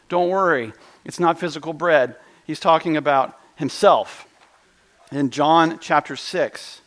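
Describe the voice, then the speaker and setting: Animated man preaching a sermon. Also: fairly high pitch. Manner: animated, playful, big swings in loudness. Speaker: pastor. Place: church sanctuary.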